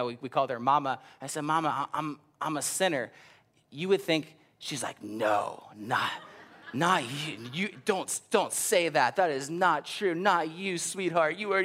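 A young man preaching a sermon in a lively, conversational way, often stammering and repeating words and tossing in "right?". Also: medium pitch. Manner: animated, conversational preaching with frequent "right?" asides. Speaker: pastor.

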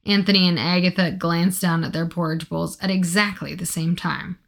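A woman's voice: on the low side, steady tone, normal speed, vocal fry. Playful woman reading a story aloud. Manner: playful, laughing at the text. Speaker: story reader.

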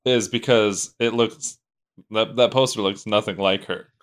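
A man's voice: lowish voice, fairly even intonation, unhurried. A man co-hosting a podcast, talking casually about movies, with restarts and laughs. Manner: rambling, many restarts, laughs. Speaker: podcast co-host. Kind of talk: casual chat.

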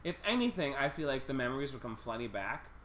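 A woman co-hosts a casual podcast chat, her voice swinging up and down with animation and a bright, forward edge. She swears freely and laughs often. The recording sits in an echoey room with a faint hiss. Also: very deep voice, big pitch swings, fast talker. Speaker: podcast co-host.

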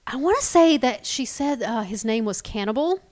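A woman's voice: fairly high pitch, lively intonation, normal speed, a little mellow. A woman co-hosting a podcast in casual chat, chatty and prone to trailing off and restarting. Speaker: podcast co-host.

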